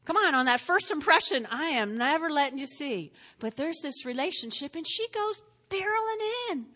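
A woman teaching a lively Bible lesson to a live group, acting out scenes and chatting with her listeners in a church meeting room. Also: high-pitched, normal speed. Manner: animated, acts out scenes, chatty asides to listeners. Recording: reverberant hall.

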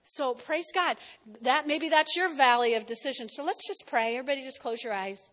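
A woman pastor preaches in a lively, conversational way, reading scripture between her own remarks. Her voice sits high and bright, with a forceful ring. A long reverb trails each phrase, as in a large hall. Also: brisk. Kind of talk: sermon.

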